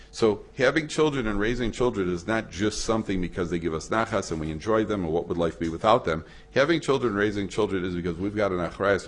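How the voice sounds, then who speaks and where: A man, a rabbi, giving a conversational talk to an audience, acting out the people in his stories and mixing Hebrew and Yiddish terms into his speech. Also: a little mellow. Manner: storytelling, acts out quoted voices with big pitch swings. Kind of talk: lecture to an audience. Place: hall at a memorial event.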